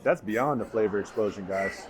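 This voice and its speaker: A man with a fairly low-pitched voice speaks at normal speed, vlogging a casual food review in a restaurant. He is enthusiastic about each bite while the busy crowd chatters behind him.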